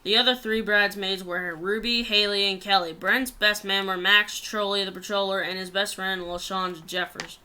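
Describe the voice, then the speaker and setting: A woman reads a long story aloud with a bright, crisp voice. She tends to trip over words and start them again, keeping an unhurried, plain storytelling delivery. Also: medium pitch, little pitch movement. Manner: plain reading with frequent slips and restarts.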